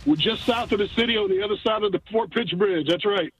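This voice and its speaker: Male caller from western pennsylvania, very high voice, boastful trash talk, jokey. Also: fast, fairly bright tone, breathy edge, lo-fi sound, soft background music.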